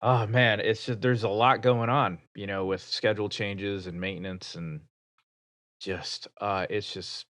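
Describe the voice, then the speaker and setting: A man speaking slowly in a lowish voice. He reflects in a halting way, restarting his phrases, and the sound is close and dry. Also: steady tone, a bit bright, no room sound. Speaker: airline pilot. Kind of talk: casual podcast chat.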